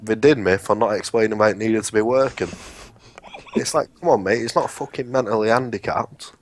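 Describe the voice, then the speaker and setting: A man's voice: on the low side, brisk, a little hiss or hum. A man co-hosting a podcast, telling work stories in a blunt, sweary, casual way. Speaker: podcast co-host. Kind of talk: casual chat.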